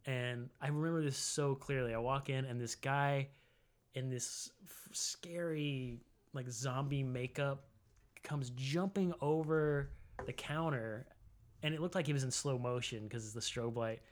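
A man in his forties from Tennessee, co-hosting a podcast and telling a story in loose casual chat, full of "like" fillers, jumping into a high voice for quotes. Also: measured pace. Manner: rambling, lots of "like" fillers, acts out quotes in a high voice. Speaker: podcast co-host.

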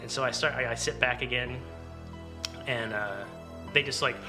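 A man's voice: normal speed, over music. A man animatedly telling a story in casual chat, acting out what people said. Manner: animated, acts out quotes with big pitch jumps.

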